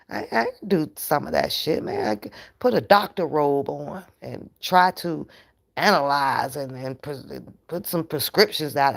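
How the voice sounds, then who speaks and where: A woman hosting her own channel in a casual, profane livestream rant, animated and laughing often. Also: low-pitched, creaky. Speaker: channel host.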